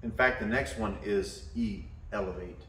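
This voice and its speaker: A man giving a motivational talk, telling a story in an animated way and acting out the voices. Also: on the low side, normal speed, far from the mic, slight background noise. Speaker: motivational teacher. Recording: echoey room from afar.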